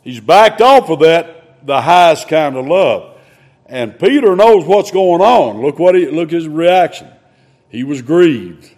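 A man preaching a sermon in a folksy, conversational way, swinging between loud emphasis and hushed asides. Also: on the high side, expressive, slow pace.

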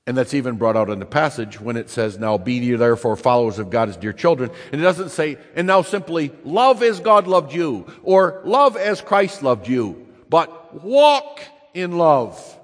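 A man preaching a sermon, emphatic, repeating key phrases and slowing down to stress them. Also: medium pitch, lively intonation. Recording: long reverb in a large hall.

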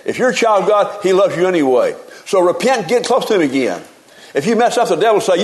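A man's voice: sits high, sing-song, quick pace, a little mellow, poor audio. A man preaching a sermon in a folksy, emphatic way, often repeating words as he gets going.

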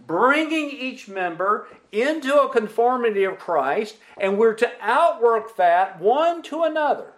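A man preaching a sermon with a high, animated voice that climbs and falls sharply. He delivers it emphatically and keeps putting questions to the congregation, then repeating their answers back to them. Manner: emphatic preaching with lively rises and drops. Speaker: pastor.

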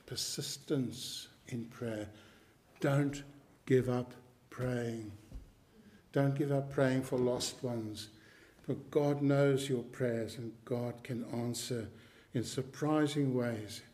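Man, preacher, sermon, unhurried delivery, emphatic, repeats himself. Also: mid-range voice, steady tone, a little mellow. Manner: slow, emphatic, repeats key phrases; clears his throat now and then.

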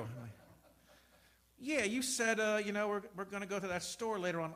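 A middle-aged man preaching as a pastor narrates stories, performs the dialogue, and then rises to emphatic points. He talks fast in a slightly high, somewhat bright voice.

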